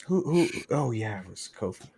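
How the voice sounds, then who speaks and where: A man's voice: fairly low pitch, slightly rough. A man co-hosting a podcast, chatting casually and profanely about wrestling, laughing and riffing on jokes. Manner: excitable, profane, quick to laugh and riff. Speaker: podcast co-host. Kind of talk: casual wrestling recap chat.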